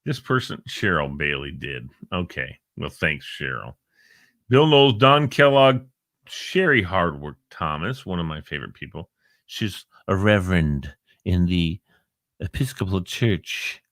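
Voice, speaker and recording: A man's voice: low-pitched, very animated, unhurried, a bit bright, dry recording, studio quality. A middle-aged man hosting a live online show, chatting casually, joking and reading out viewers' names. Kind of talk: casual live-stream chat.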